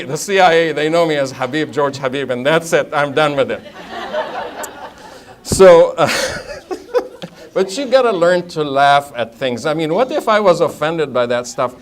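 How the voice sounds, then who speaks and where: A middle-aged man from Lebanon, telling a humorous story at a conference and acting out both sides of the dialogue. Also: a little high. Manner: animated, acts out both sides of dialogues, laughs often. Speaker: speaker at a conference. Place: conference hall.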